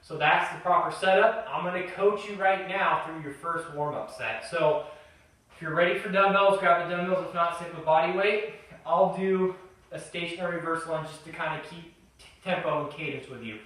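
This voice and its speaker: A man's voice: sits high, normal speed, a bit bright. A male personal trainer explaining an exercise and coaching through reps in an upbeat way. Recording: echoey room, voice far from mic.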